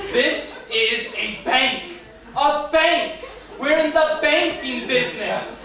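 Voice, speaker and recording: Man acting as a flustered bank boss, highish voice, blustering, echoey theater, far off. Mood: exasperated. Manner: exasperated, blustering, shouting outbursts. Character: flustered, exasperated bank official. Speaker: stage actor. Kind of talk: live stage comedy acting. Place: small theater stage.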